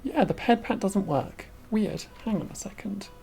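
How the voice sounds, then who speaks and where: A woman's voice: mid-range voice, animated, normal speed, vocal fry, mellow, faint music behind. A woman VTuber giving casual, chatty commentary as she plays a game, talking to herself and laughing. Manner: chatty, talks to herself while playing, laughs often. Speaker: VTuber streamer.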